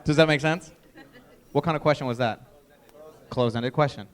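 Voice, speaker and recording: A man presenting a live sales training workshop, energetic and emphatic, often quizzing the audience. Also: mid-range voice, moderate pace.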